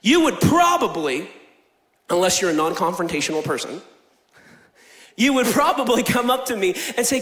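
A young man preaching in a large church, joking with the crowd and then proclaiming loudly, swinging between booming declarations and quiet asides. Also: sing-song, normal speed, pauses often. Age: young adult. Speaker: pastor. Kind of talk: energetic sermon with jokes. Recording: echoey church hall.

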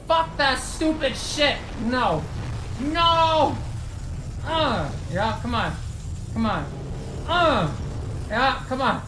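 A man giving excitable gameplay commentary, trash-talking opponents and swearing a lot. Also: very high-pitched, takes it slowly. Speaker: gaming YouTuber. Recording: roomy echo with faint noise.

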